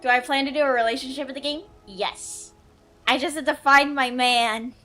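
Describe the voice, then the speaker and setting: A woman streamer chats casually with her viewers while playing, blunt and quick to swear. Her voice sits fairly high, with faint game music behind her. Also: steady tone, bright, forceful tone. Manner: chatty and blunt, swears freely. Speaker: VTuber streamer.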